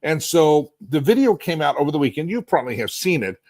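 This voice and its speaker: A middle-aged man hosting a live political talk stream from a hotel suite, sarcastic and animated, rambling and restarting as he goes. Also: fairly high pitch, a little fast, dry recording. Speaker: talk show host.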